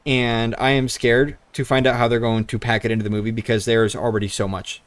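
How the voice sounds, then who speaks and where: A man's voice: fairly low pitch, steady tone, moderate pace. A young man streaming live, rambling casually into a handheld microphone, swearing now and then. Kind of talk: casual livestream chat.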